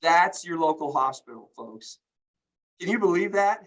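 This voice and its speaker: A man talks on a group video call, fired up and emphatic. He acts out other people's lines in quick asides. His voice sits slightly high for a man. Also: expressive, fairly bright tone, poor audio. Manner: indignant, emphatic, acts out quoted dialogue. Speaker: healthcare company executive, guest.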